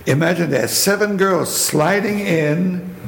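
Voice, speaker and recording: An older man with a German accent tells his story vividly, now and then acting out the voices of people he quotes. His voice is heavily gravelly and sits a little high. The recording is echoey, with long reverb and faint background noise. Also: takes it slowly. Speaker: Holocaust survivor telling his story. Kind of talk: spoken testimony.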